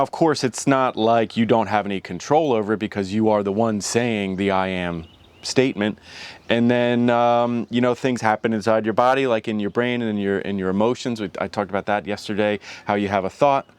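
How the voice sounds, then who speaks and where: A man's voice: lowish voice, clear, resonant tone. A man hosting his own vlog, talking casually in a rambling, reflective way and often restarting his sentences. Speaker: channel host.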